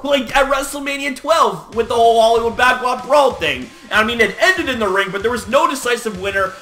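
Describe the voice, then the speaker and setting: High-pitched excitable man ranting, echoey room. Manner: excitable, swears a lot, laughs in disbelief. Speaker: wrestling recap vlogger. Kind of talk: casual recap rant.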